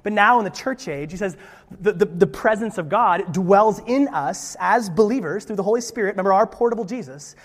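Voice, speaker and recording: A pastor delivers a sermon with a bright, high-pitched voice, moving from scripture reading into loose, playful asides. His voice carries a long reverb, as if from a large church hall. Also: brisk. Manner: lively, conversational preaching with playful asides.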